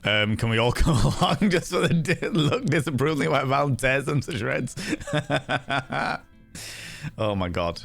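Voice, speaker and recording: A man's voice: mid-range voice, animated, a little slow, creaky, fairly bright tone, soft background music. Joking, swearing man playing a game. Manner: joking, swearing, laughing, riffing. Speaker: streamer. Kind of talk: casual let's-play commentary.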